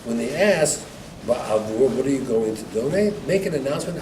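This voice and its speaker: A man, a rabbi, teaching a Torah class to students, telling a story with lively acted-out dialogue and frequent laughter. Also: mid-range voice, fairly quick. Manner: animated joke-telling, acting out dialogue, laughs often. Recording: echoey room recorded from far off, noisy.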